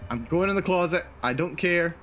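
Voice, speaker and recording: A man's voice: a little high, moderate pace, fairly bright tone, a little hiss or hum. Jittery man narrating a horror game. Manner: jittery, repeats himself, narrates his own nerves. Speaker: VTuber streamer. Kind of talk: live horror gameplay commentary.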